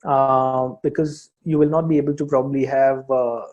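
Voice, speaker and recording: An English teacher with an Indian accent gives a loose, chatty lesson full of "uh" and restarts. The voice is mellow and rather dark. The recording is dull and lo-fi. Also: medium pitch, level tone, normal speed. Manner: hesitant, many fillers and restarts. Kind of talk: casual spoken lesson, mixing in Hindi. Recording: dull lo-fi sound.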